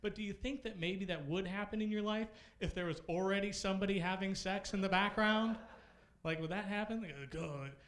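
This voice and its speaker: Bright-voiced young emcee comic. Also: male voice, sits high, fairly quick. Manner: casual, deadpan storytelling with many "like"s. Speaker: stand-up comedian and emcee. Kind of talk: stand-up comedy set. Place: comedy club stage.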